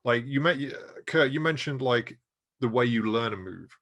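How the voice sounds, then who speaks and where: A man's voice: mid-range voice, animated, moderate pace, a bit bright. A man co-hosting a casual panel chat who agrees with the others and asks follow-up questions. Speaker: co-host.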